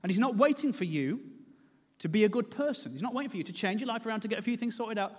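Brief: male preacher, very high voice, echoing in a large hall. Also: fast talker, breathy edge. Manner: lively and humorous, then earnest and pleading. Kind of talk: sermon with storytelling.

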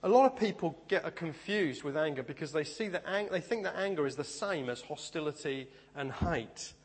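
A man's voice: fairly high pitch, animated, normal speed, breathy edge, long reverb tail. A man preaching a sermon, telling personal stories with self-deprecating humor and stop-start phrasing. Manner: speaks in bursts with repeated restarts.

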